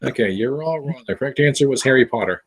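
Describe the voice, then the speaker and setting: A man's voice: mid-range voice, animated, breathy edge. A man running the quiz rounds on a casual podcast, reading out clues and teasing the panel. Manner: teasing, reads clues slowly. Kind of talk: casual podcast game chat.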